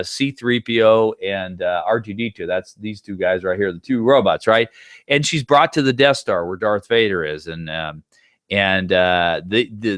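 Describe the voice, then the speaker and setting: A man teaching a class in a conversational lecture style, animated and often checking in with the listeners. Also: mid-range voice, no room sound, studio quality. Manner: conversational, checks in with frequent "right?"; animated retelling with brief quoted voices.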